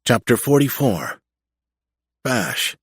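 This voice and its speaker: A man narrating a romance audiobook in the first person, with a low, intimate delivery and a husky voice. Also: big pitch swings, slow pace, no room sound, clean studio sound.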